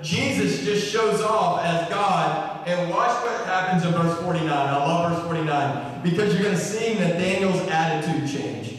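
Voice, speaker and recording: A man's voice: a little high, moderate pace, few pauses. A male pastor with a Texan accent preaching a sermon, joking and calling out questions to the congregation. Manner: lively, joking, talks back and forth with the congregation. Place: church sanctuary. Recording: echoey hall from far off.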